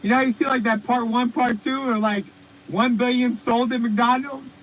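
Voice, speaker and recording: A man's voice: very high voice, normal speed, a little hiss or hum, low-quality recording. A man co-hosting a podcast, telling rambling, profane stories in casual comedic chat. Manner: rambling, profane, animated storytelling. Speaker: podcast co-host.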